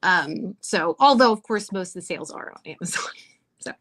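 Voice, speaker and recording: A woman's voice: fairly low pitch, lively intonation, normal speed, a bit bright. A woman guest author chatting casually in an interview, laughing often and trailing into fillers.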